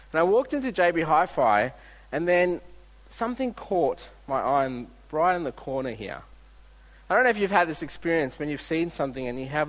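Male preacher, chatty storytelling sermon, slightly high voice, long hall echo. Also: a bit bright. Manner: conversational, storytelling with frequent restarts. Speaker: pastor. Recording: long reverb of a large hall.

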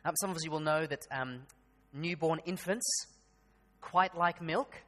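A man preaching a sermon in a slightly higher voice, with a long reverb trailing his words. He talks conversationally and rises into emphatic, forceful bursts. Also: unhurried. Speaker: pastor. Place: church hall.

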